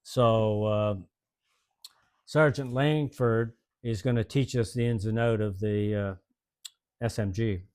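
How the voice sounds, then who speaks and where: A man's voice: on the low side, fairly even intonation, slow pace, pauses often, a little mellow, clean tone. A man in his sixties casually telling old stories in a folksy, rambling way, chuckling often. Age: 60s. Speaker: host telling service stories. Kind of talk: casual storytelling.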